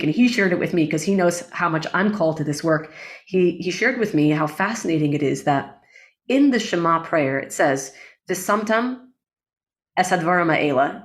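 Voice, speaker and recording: A woman with a lowish voice speaks as an interview guest, explaining breathwork in an earnest, teaching way. She often checks in with "right?" and recites lines of Hebrew prayer. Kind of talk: reflective interview talk.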